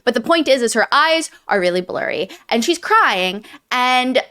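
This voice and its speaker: Chatty woman podcaster, kinda high pitched, lots of likes and ums. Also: moderate pace, clear, resonant tone. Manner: animated, critical, lots of fillers. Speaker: podcast co-host. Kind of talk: casual book review chat.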